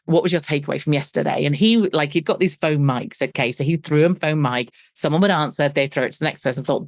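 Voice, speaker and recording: A woman's voice: sits low, fast talker, hardly any pauses, no echo, clean studio sound. A middle-aged woman, a business coach interviewed as a guest, telling her story animatedly and acting out the dialogue with self-deprecating humour. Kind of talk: conversational storytelling.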